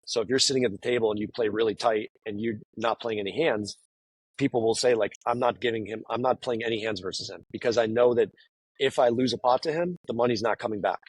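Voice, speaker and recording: Man, low husky voice, dry close sound, rambling casual guest talk. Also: brisk, no room sound, poor audio. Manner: rambling, many fillers and restarts. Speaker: guest, professional poker player. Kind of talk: casual conversation.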